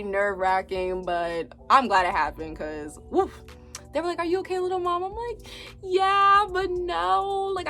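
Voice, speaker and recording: A young woman vlogger telling a storytime story in a lively, chatty way, acting out what everyone said and filling her talk with "like". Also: mid-range voice. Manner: animated storytelling, acts out quotes, heavy use of 'like'. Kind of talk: storytime vlog.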